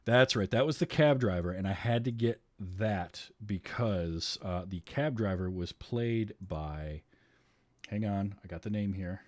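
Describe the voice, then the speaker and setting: Male podcast host, lower voice, casual and wry, dry booth sound. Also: a little slow, no room sound. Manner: chatty, laughs often, sarcastic asides. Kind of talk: casual chat.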